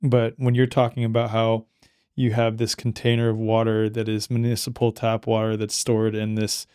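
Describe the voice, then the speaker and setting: A man's voice: on the low side, completely flat delivery, normal speed, a little mellow, clean tone, dry recording, clean studio sound. A man hosting a podcast interview, speaking in a reflective, attentive way. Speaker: podcast host. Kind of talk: interview conversation.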